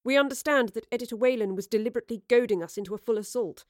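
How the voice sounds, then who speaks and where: A woman voicing a dutiful female officer who reports in a formal, crisp military manner, in an audiobook. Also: a little high, rapid-fire, dry recording, studio quality, natural voice.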